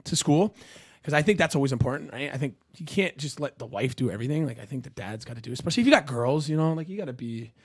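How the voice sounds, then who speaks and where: A hyper, excitable man from Canada, co-hosting a casual podcast chat, full of "like" and "man". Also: mid-range voice. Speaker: co-host.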